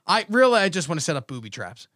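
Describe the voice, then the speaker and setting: A man's voice: a little high, big pitch swings, fast talker, a bit bright, no room sound, clean studio sound. A man in his thirties telling rambling comic stories as a podcast host, joking and laughing often. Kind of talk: casual comedic storytelling.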